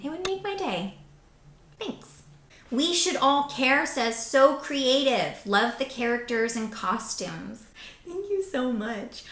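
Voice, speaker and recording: A young woman chats through viewer comments with a bubbly, playful energy. Her voice is bright and her pitch swoops up and down. The sound carries the echo of a roomy space. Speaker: vlog host responding to comments. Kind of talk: casual chat reading viewer comments. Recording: echoey room.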